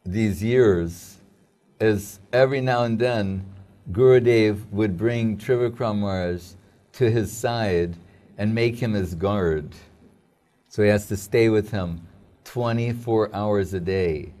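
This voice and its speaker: A man interviewing a guest, prompting him and finishing his sentences, then recalling memories of their teacher at an unhurried pace. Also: on the low side, mellow. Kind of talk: casual interview chat.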